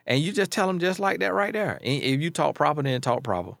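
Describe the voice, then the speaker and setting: A man's voice: fairly high pitch, very animated, brisk, gravelly, few pauses, a bit bright, no room sound. A man who works as a life coach, talking casually and bluntly, hammering points home by repeating them. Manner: emphatic, repeats key phrases, blunt street-talk advice. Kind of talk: casual advice commentary.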